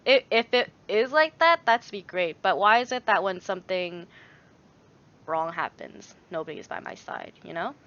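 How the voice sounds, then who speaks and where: A woman's voice: medium pitch, normal speed, sharp tone, muffled recording. A young woman vlogger chatting casually on a livestream, rambling with lots of fillers and reading viewer messages aloud. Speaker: YouTuber answering chat.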